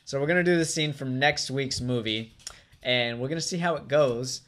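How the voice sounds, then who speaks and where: A man's voice: medium pitch, moderate pace, a bit bright, slight background noise. A man co-hosting a casual movie-chat show, playful and self-mocking. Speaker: podcast co-host.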